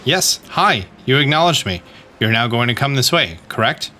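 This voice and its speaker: Bright-voiced man narrating a game walkthrough. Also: mid-range voice, expressive, normal speed, a little hiss or hum. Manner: exasperated, talks to the game character; instructive, repeats "okay?". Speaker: gaming guide host.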